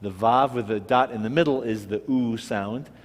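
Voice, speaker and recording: A man teaching a patient, step-by-step language lesson, pausing to have listeners repeat each word. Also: medium pitch, big-room sound. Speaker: Hebrew teacher. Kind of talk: classroom-style language lesson.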